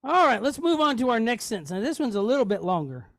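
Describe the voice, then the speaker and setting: A man teaching a Hebrew lesson in a relaxed, conversational way, often checking in with his listeners. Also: very high voice, fast talker, dry recording, studio quality. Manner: conversational, checks in often with "okay?" and "you know". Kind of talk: casual teaching, explaining on screen.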